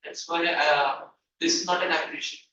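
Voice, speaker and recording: A man student answers his teacher hesitantly in an online class, halting over fillers. His voice is bright and tense. It comes across a muffled, distant, echoey call. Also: fairly high pitch, steady tone, a little hiss or hum. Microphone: video call.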